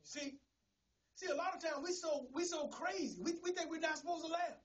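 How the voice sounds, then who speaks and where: A middle-aged man preaches in a folksy storytelling way, stumbling over and repeating words as he goes. His voice sits high for a man. He is recorded from some distance in a church. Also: brisk, a bit bright. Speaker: pastor. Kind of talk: sermon.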